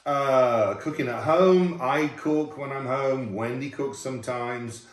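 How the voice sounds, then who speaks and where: A man's voice: medium pitch, slow pace. A middle-aged man, a former royal chef, chatting through viewer questions in a laughing, self-deprecating way. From United Kingdom. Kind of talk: casual Q&A chat. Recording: roomy sound from a distant mic.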